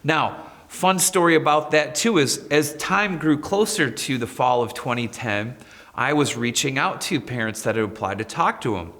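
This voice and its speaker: A man's voice: mid-range voice, moderate pace, big-room sound. A man, a school principal, telling stories with animation and acting out the people he quotes. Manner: lively, acts out quoted voices. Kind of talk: personal storytelling.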